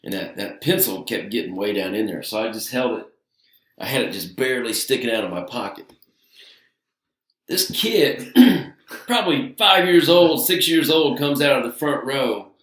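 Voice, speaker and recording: A man co-hosting a podcast, telling excited, animated stories in casual chat. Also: medium pitch, moderate pace. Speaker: podcast co-host. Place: podcast studio. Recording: roomy and distant from mic.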